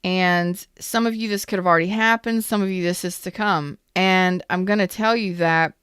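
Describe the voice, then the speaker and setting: A woman talks through a tarot reading in a loose, chatty way, firing off the same questions again and again and often restarting her sentences. Her voice is smooth and clear, with a dry, close sound and little room echo. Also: fairly low pitch, fairly even intonation, moderate pace, fairly bright tone. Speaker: tarot reader. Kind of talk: casual spoken tarot reading.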